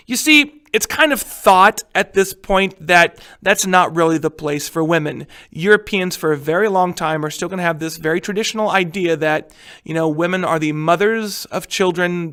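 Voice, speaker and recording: A man's voice: a little high, sharp tone. A man teaching a recorded history lecture in a casual way, with many fillers and frequent check-ins with students.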